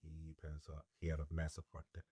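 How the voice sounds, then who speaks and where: A man taking part in a podcast reading, answering quietly and briefly. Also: extremely low pitch, completely flat delivery, quick pace, husky. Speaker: podcast guest receiving a reading. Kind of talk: casual podcast conversation.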